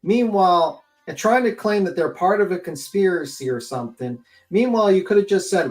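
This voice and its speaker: A man vents bluntly on a casual livestream and swears freely. His tone is exasperated, and his voice sits somewhat high for a man. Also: lively intonation, a little fast, few pauses. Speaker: co-host.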